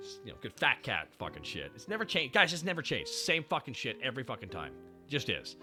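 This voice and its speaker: A young man streaming while driving, reading history aloud with animated, profane, sarcastic asides. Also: mid-range voice, fast, soft background music.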